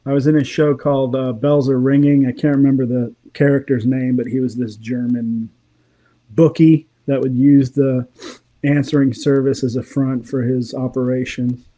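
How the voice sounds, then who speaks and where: A man's voice: mid-range voice, level tone, normal speed, warm tone. A middle-aged man, a voice actor and comedy writer, telling stories in a rambling way and chuckling often in a casual chat.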